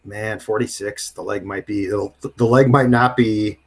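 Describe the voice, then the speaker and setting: Male podcast co-host, husky and animated, casual sports chat. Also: lowish voice, measured pace.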